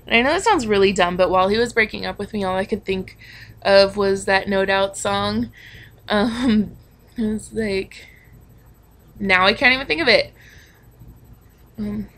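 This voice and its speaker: Speaking unhurriedly and pausing often, this vlogger has a medium-pitched, fairly bright voice. She's a young woman sharing a personal story with confessional frankness, plenty of swearing, and lots of ums and likes.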